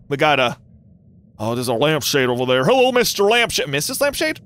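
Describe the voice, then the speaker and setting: A young man streaming a game and chatting to viewers, excitable and giggly, breaking into squeals and shouts. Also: on the high side, brisk, smooth. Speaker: gaming YouTuber. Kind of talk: live gameplay commentary.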